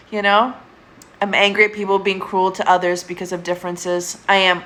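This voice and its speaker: A woman's voice: mid-range voice, a bit bright. Candid, swearing woman on a live stream. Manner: candid, swears often, urges viewers to comment. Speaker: therapist hosting a live stream. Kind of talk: casual live-stream chat with viewers.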